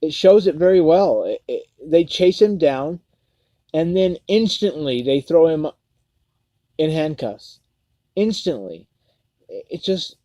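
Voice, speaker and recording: A man's voice: on the high side, dark tone. Profane man ranting on a livestream. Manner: profane, heated, repetitive stammering restarts. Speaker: livestream host. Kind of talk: angry livestream rant.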